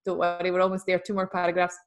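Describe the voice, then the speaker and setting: A woman's voice: lowish voice, completely flat delivery, racing. A woman who co-hosts a podcast, reading a listener's letter aloud in a chatty, wry way and laughing easily. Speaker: podcast co-host.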